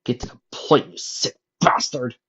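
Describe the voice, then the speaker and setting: A raging young pony fighter, as a male reader puts him on, shouting with a rough, husky edge. The audio is dull and lo-fi. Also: medium pitch, level tone, fairly quick. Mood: furious. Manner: shouting, furious.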